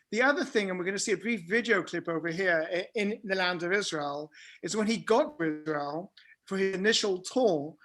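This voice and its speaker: A man's voice: sits high, a bit bright. A man giving a casual, chatty talk as a guest speaker on a video call. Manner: chatty, with fillers and restarts.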